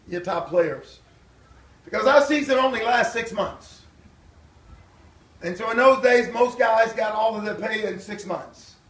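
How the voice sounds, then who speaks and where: An older man telling his life story to a church audience, animated and acting out voices and shouts. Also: high-pitched. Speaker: guest speaker. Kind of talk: storytelling testimony at a church event. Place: church hall. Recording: echoey hall from far off.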